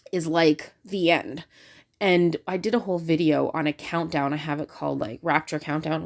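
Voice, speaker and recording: A woman talking excitedly and casually into her phone, full of fillers and restarts. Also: fairly low pitch. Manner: excitable and talkative, many fillers. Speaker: religious video creator. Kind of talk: casual talk to camera.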